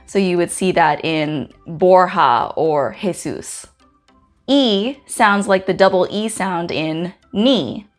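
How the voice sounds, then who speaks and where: A woman from Guam hosting a pronunciation lesson, saying each letter slowly and carefully with example words. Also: lowish voice. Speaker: host teaching the Chamorro alphabet. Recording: faint music in the background.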